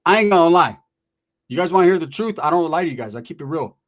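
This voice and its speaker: A man with a slightly high voice tells a street story in loose, slangy casual talk. He acts out the lines of the people in it and jumps around in pitch as he goes. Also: fast talker. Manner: animated, slangy, acts out quotes of others.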